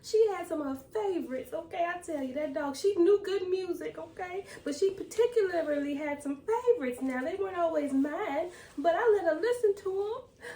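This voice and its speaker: A woman playing a high-voiced mourner who half-laughs, half-cries while remembering her beloved little dog. Her voice echoes in a roomy space. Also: lively intonation, normal speed, warm tone, far from the mic. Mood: tearful. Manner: teary, laughing through tears.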